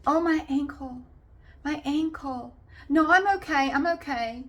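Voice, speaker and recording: A woman voicing a whiny, attention-seeking woman who moans about her ankle in a high, loud voice. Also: unhurried.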